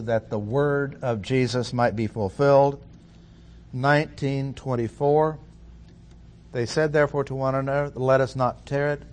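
A man giving a Bible study lecture, reading scripture in a measured, deliberate way with pauses. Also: medium pitch, darkish tone. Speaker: Bible teacher.

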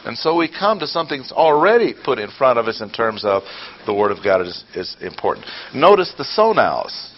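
A man's voice: mid-range voice, big pitch swings, brisk. An older man preaches a teaching sermon in a mid-range voice. He peppers the talk with rhetorical questions, emphatic bursts and dry, sarcastic asides. The recording is muffled and lo-fi, with a faint hiss underneath. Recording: dull lo-fi audio with faint noise.

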